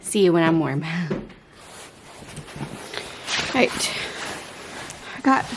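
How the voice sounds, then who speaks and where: A woman's voice: low-pitched, lively intonation, very slow, noisy background. A woman in her thirties talking candidly to camera in a casual home vlog, chatting directly to her viewers. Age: 30s. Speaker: vlogger.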